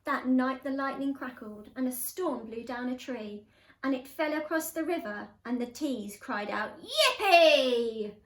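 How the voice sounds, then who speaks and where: A woman teacher reading a picture book aloud in an expressive, sing-song way. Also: high-pitched, moderate pace. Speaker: primary school teacher. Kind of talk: storybook read-aloud. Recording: echoey room.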